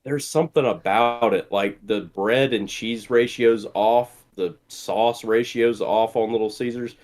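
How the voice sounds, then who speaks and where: A man's voice: mid-range voice, fairly even intonation, measured pace, darkish tone. A man with a Southern US accent co-hosting a casual gaming chat, laid-back and opinionated. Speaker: podcast co-host.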